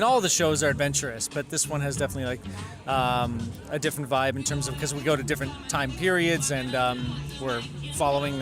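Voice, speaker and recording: Easygoing male guest, mid pitch, music clearly under him. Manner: relaxed, laughs easily. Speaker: theater creator, interview guest. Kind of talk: casual podcast interview.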